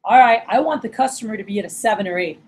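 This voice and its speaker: A woman's voice: mid-range voice, fast talker, a little mellow, rough recording. A woman coaching a group on sales calls, casual and slangy, acting out examples with lots of energy. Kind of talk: coaching talk to a group of managers.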